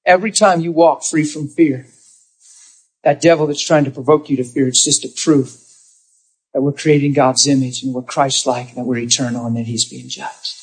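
A husky-voiced male pastor, preaching with emphatic directness. His pitch sits in the middle of the male range, and he tells stories as he drives each point home. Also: steady tone, moderate pace. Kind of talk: sermon.

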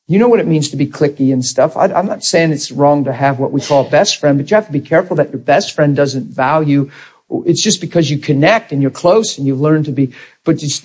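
Man, preacher, husky voice, slightly high pitch, conversational sermon. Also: poor audio. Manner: conversational, animated, acts out quoted people.

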